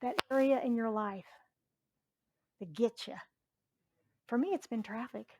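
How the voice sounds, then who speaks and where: A woman's voice: on the high side, unhurried, dark tone. A middle-aged woman from Southwest Virginia, preaching a chatty sermon as a reverend and asking the congregation questions. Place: church sanctuary.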